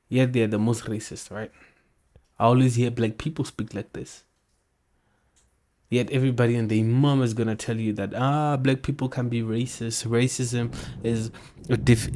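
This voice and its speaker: A man's voice: medium pitch, darkish tone. Blunt man reacting to clips. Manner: blunt, argumentative, keeps saying bro. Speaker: host. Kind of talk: casual commentary on clips.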